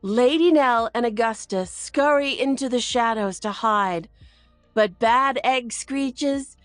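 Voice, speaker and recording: A woman reading a children's picture book aloud in an expressive way. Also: dry recording, soft background music. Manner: expressive and slow, very lively pitch. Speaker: read-aloud narrator.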